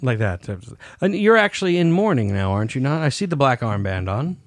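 A man's voice: medium pitch, big pitch swings, fairly quick, dry recording, studio quality. A man hosting a podcast, chatting casually and cracking teasing jokes. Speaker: podcast host. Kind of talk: casual chat.

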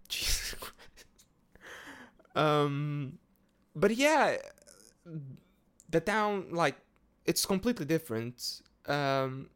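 Slow, rambling man. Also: medium pitch, a bit bright, clear, resonant tone. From Portugal. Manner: rambling, hesitant, lots of fillers and swearing. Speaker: podcast host. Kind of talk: casual monologue.

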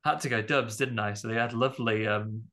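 A man's voice: medium pitch, steady tone, fairly quick, fairly bright tone. A man co-hosting a podcast, chatting playfully and slipping into silly voices. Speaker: podcast co-host. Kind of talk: casual podcast chat.

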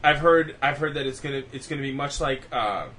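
Bright-voiced young podcast host. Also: male voice, medium pitch, a little hiss or hum. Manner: rapid, profane, laughing reading of spec lists. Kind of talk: casual gaming news chat.

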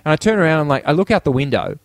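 Animated Australian man telling stories. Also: fairly high pitch, racing, no echo. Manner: animated storyteller, laughs often, acts out friends' lines. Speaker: podcast co-host. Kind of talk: casual chat, anecdote telling.

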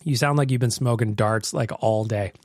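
A man's voice: fairly low pitch, moderate pace, no room sound. A man hosting a casual podcast, chatty and rambling, joking as he plays listener voicemails. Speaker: podcast host. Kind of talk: casual chat.

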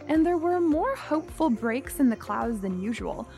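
High-voiced young woman narrating a story. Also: sing-song, gravelly, mellow, faint music behind. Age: young adult. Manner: reflective and measured. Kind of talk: scripted first-person story narration.

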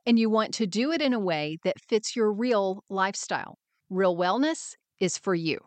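Woman podcast host, mid-pitched, encouraging and upbeat, dry close-mic sound. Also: lively intonation, moderate pace, no room sound. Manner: upbeat, encouraging, acts out quoted voices. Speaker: podcast host and wellness mentor. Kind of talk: scripted podcast monologue.

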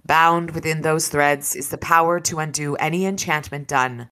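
A woman voicing an ancient female fairy crone, the unmaker and destroyer, in slow, solemn pronouncements with a low, bright voice. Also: steady tone, clean tone.

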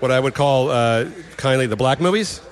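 A man hosting a casual chat, opinionated and quick to laugh. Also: mid-range voice. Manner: fast, opinionated, laughs often.

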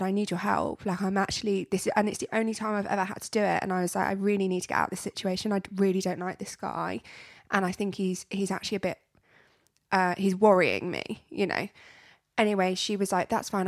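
A woman's voice: mid-range voice, no room sound, clean studio sound. A young woman co-hosting a podcast, telling a long personal story in a chatty way, full of fillers and repeats. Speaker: podcast co-host. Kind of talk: casual chat.

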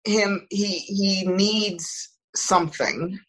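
A woman in casual conversation, speaking thoughtfully with a soft, soothing voice and frequent restarts. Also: mid-range voice, fairly even intonation, extremely slow, poor audio.

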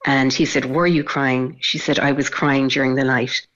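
A woman's voice: rumbling low, level tone, normal speed, lo-fi sound, noisy background. A woman court reporter giving a live radio report, recounting steadily with frequent ums.

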